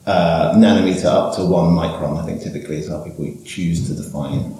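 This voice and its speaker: A man's voice: sits low, fairly even intonation, fairly quick, mellow, very echoey, low-quality recording. A man co-hosting a casual science chat, explaining things in a dry, orderly way. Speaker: podcast co-host, scientist.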